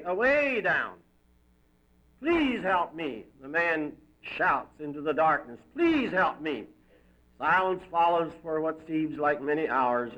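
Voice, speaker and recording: A man's voice: fairly high pitch, a bit bright. A man giving an emphatic, dramatic reading of a moral story. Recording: dull lo-fi recording.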